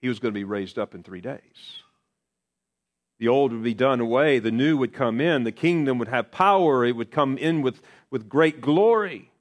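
A man's voice: mid-range voice, moderate pace. A man preaching a sermon in a conversational way, repeating key phrases for emphasis.

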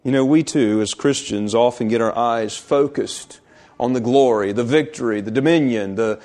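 A man preaching a sermon, reading scripture aloud and explaining it, slowing down to stress key words. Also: mid-range voice, a little mellow. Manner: reads scripture aloud, then explains it with emphasis. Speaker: pastor.

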